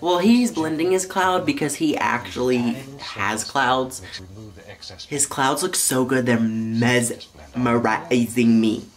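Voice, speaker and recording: Young dude high af, rambly giggly vlog chatter, some soft music behind. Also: male voice, slow. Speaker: YouTuber. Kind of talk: casual vlog commentary.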